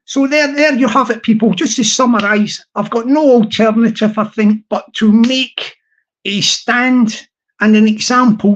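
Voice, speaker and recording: A man, talking casually on his live stream in a rambling, halting way full of fillers and restarts. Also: high voice. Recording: dull lo-fi sound.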